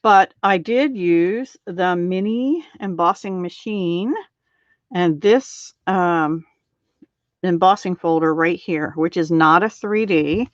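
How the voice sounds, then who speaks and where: A middle-aged woman demonstrating card making on a casual live stream, chatting with viewers by name and filling pauses with ums and little laughs. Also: on the low side, no echo. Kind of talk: casual live craft tutorial. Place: home craft room. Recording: dull lo-fi live stream audio.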